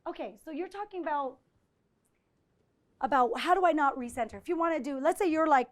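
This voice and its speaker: High-voiced woman lecturing a live audience. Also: brisk. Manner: conversational, often checks in with 'right?'; animated, acts out quoted exchanges. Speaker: visiting professor giving a presentation.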